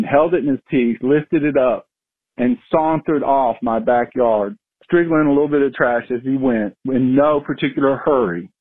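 A male caller telling a lively story over the phone with a husky voice, acting out his shouts. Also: medium pitch, no echo. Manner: animated, acts out his yelling. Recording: tinny phone line.

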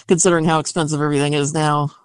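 A woman's voice: sits low, little pitch movement, racing, clean tone, dry recording. A woman speaking in a casual interview clip, blunt, wry and emphatic.

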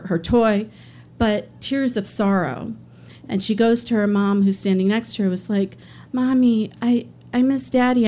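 A woman's voice: mid-range voice, darkish tone. A woman telling a true personal story on stage, earnest and acting out the people she quotes.

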